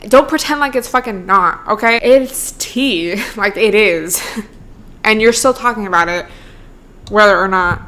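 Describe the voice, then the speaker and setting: A woman's voice: medium pitch, fairly bright tone. A woman in her twenties hosting her own podcast in casual solo chat, full of "like" and swearing, laughing between points. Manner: chatty, swears a lot, heavy use of "like". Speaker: podcast host.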